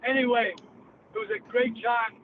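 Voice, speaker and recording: A man's voice: very high voice, fairly even intonation, normal speed, over a noisy crowd. An older man from England, ranting bluntly and profanely as a guest on a call-in show. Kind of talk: heated call-in rant. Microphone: phone line. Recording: tinny phone line with faint noise.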